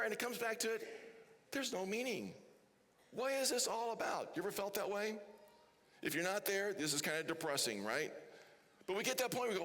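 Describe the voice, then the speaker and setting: A man's voice: sits high, very animated, a little fast, long pauses, fairly bright tone, long reverb tail. A man preaching a sermon as pastor, chatty and often asking the congregation questions. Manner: chatty, asks the crowd questions. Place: church hall.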